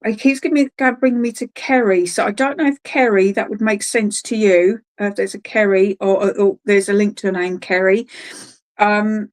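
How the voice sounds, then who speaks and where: Brief: woman, medium at an online spiritualist service, mid-pitched, gentle, halting and searching, calls people darling. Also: fairly even intonation. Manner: hesitant and searching, full of ums and restarts. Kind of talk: live clairvoyant readings at an online church service.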